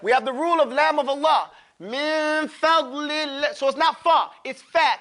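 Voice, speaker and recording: A man teaching Quran recitation to a class, drilling students casually and modeling each word slowly, with some jokes. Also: very high voice, bright, forceful tone. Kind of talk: classroom tajweed lesson.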